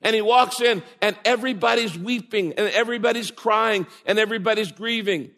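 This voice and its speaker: A man preaching a sermon as pastor, animated and swinging from loud, high emphasis to hushed words. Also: fairly quick, long reverb tail.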